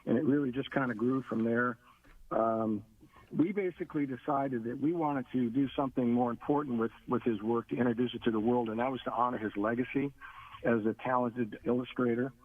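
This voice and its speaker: An older man, a guest in a radio interview, telling his story in a plain, steady way. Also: mid-range voice, a little fast, phone-quality sound.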